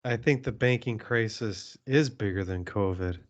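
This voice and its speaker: A man co-hosting a podcast, laid-back, often chiming in with short remarks in casual chat. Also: lowish voice. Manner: slow, laid-back, chimes in briefly. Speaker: podcast co-host. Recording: dull lo-fi sound.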